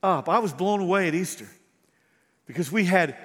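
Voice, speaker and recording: A man's voice: sits high, lively intonation, moderate pace, fairly bright tone, in a large hall. A man preaching a sermon as pastor, acting out quoted voices with animation.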